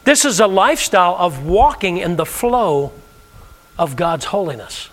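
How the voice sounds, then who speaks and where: Lively, high-voiced man preaching in a hall. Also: unhurried. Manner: preaching with call-and-response, lively and emphatic. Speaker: pastor. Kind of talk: sermon. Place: church sanctuary.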